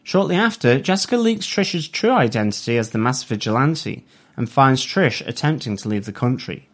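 A man's voice: mid-range voice, expressive, moderate pace. Man reading a show synopsis. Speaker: podcast host. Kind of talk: casual review chat and read synopsis.

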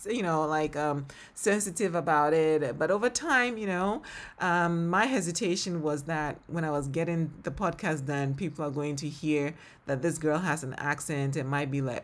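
A woman with a Ghanaian accent speaks on her solo faith podcast in a low, full voice. Her talk is earnest and heartfelt, and she laughs often as she reflects. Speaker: podcast host and ministry leader.

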